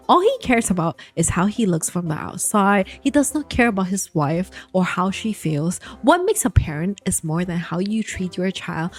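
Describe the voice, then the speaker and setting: A woman hosting a casual storytime, retelling a novel in a chatty, emphatic way and talking straight to her viewers. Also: medium pitch. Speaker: book storytime host.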